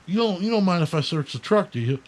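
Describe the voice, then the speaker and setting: A man's voice: high-pitched, very animated, fast, a little mellow, voice pushed up. Man mimics a short old trooper: curt and hot-tempered, barking orders.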